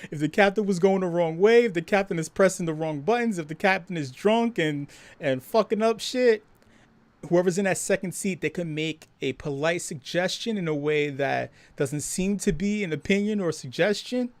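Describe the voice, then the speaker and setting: A man hosting a live stream, talking casually with lots of swearing and laughter, and acting out quoted voices louder and higher. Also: moderate pace, no echo. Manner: profane, laughing, animated storytelling. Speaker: host.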